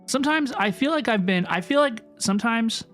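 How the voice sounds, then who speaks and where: Hyped streamer chatting w viewers, keeps saying hello please, soft music in the back. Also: medium pitch, brisk. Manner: upbeat, excitable, repeats "hello, please" to greet chat. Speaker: live streamer. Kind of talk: casual live-stream chat greeting viewers.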